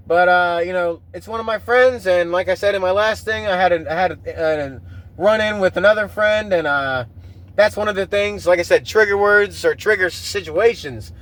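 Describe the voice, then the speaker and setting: A man's voice: high-pitched, normal speed, fairly bright tone. A man hosting his own podcast, talking in a casual, rambling, profane monologue full of restarts. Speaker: podcast host.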